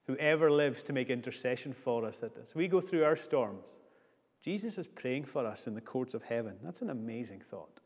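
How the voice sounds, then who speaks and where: A man preaching a sermon earnestly, building his points with repeated phrases. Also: medium pitch. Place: church. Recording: long church reverb.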